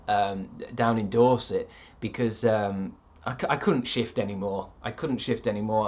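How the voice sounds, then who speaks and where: A man in his thirties, a streamer chatting casually and reading out viewer comments in a deadpan, sardonic way with plenty of swearing. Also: medium pitch, unhurried, hardly any pauses.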